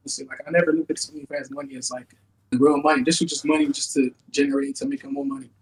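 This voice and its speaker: High-voiced rambling man on a video call. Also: big pitch swings, creaky, poor audio. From Nigeria. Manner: rambling, halting, lots of fillers. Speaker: interview guest. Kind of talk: casual interview over a video call.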